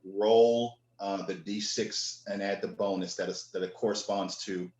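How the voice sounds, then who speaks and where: A man runs a tabletop game as game master, slowly explaining the rules with frequent pauses. His voice sits a little low and he speaks at a very slow pace. The room around him is roomy and echoey. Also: fairly even intonation, darkish tone. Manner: unhurried, many fillers and restarts.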